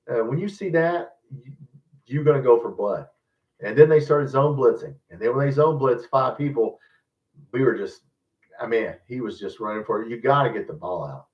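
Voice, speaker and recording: On his live fan stream, a man casually rants about football, rambling and blunt, repeatedly calling his viewers guys. His mid-range voice comes across dull and distant from the mic.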